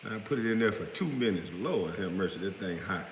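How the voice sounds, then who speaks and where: A man's voice: low-pitched, expressive, a little fast, slight background noise. Profane man ranting in an echoey room. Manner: profane, confrontational, trash-talking. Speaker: live-stream host. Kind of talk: heated live-stream rant.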